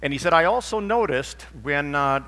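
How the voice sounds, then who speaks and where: A middle-aged man preaches in a church sanctuary, his tone bright and forceful. He tells stories and acts out their dialogue. A long reverb from the large hall hangs behind his voice. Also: on the high side, expressive, moderate pace. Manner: storytelling, acts out dialogue in quotes. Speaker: pastor. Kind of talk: sermon.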